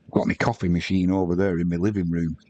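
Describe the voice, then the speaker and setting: A man's voice: low-pitched, flat delivery, fast, warm tone, muffled recording. A man from the UK hosting a live match watch-along, chatting casually and reading viewer comments aloud with banter. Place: at home.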